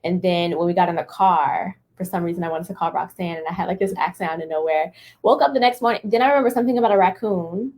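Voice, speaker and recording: A woman's voice: fairly low pitch, fast. A woman in her thirties co-hosting a podcast, telling stories in casual chat and acting out what people said, with many fillers. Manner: animated storyteller, acts out quotes, many fillers like "like". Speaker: podcast co-host.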